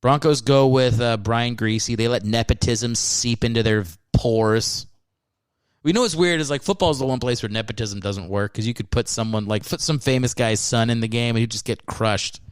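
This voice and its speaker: A man's voice: mid-range voice, normal speed, smooth, no echo. A man hosting a solo comedy podcast, riffing sarcastically with plenty of swearing. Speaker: podcast host.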